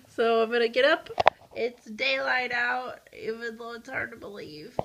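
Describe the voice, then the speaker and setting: A woman's voice: a little high, steady tone, measured pace, pauses often, a bit bright. A woman vlogging casually to her camera, chatty and giggly, talking to her dog. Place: indoors then outdoors in heavy rain. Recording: muffled with background noise.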